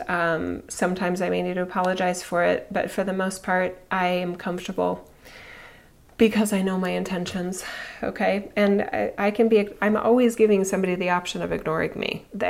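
A woman's voice: lowish voice, creaky, a little mellow. Woman host, forties, candid reflective monologue, acts out quotes, laughs easily. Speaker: video host.

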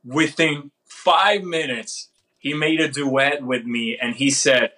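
A man's voice: medium pitch, slow, sharp tone. A man telling a story in casual conversation, with frequent restarts and fillers. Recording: voice a bit far from the mic.

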